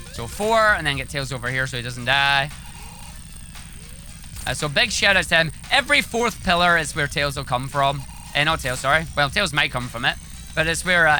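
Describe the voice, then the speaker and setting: A man's voice: on the high side, bright, forceful tone. A man commentating his own live speedrun, chatting and explaining tricks as he plays. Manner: chatty, explains tricks while playing, cheers on his character.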